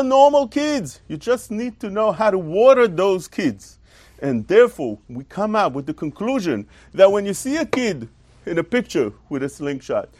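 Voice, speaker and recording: In a high, very animated voice that rises and falls, a man delivers a Torah lesson, a religious talk built on rhetorical questions and emphatic repetition. The recording is close and dry, without any echo.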